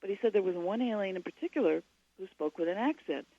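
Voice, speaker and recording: Gravelly woman explaining on radio. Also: medium pitch, expressive, fast talker, no echo, muffled recording. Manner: long, digressive explanations. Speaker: guest author.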